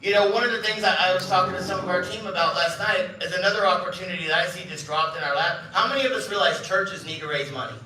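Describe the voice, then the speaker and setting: Speaking fast with few pauses, this middle-aged man has a high, pushed, bright voice, and a little hiss or hum runs under the audio. He is a company head delivering a live talk to an audience in a large event room, joking, telling stories, and imitating the people he quotes. The recording is echoey, with the speaker far from the microphone.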